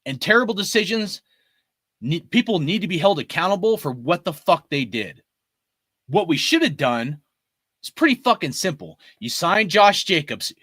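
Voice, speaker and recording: A man's voice: high-pitched, big pitch swings, normal speed, fairly bright tone, no echo, studio quality. A man in his forties ranting about his team in a heated, profane way. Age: 40s. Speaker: sports fan commentator. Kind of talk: ranting fan commentary.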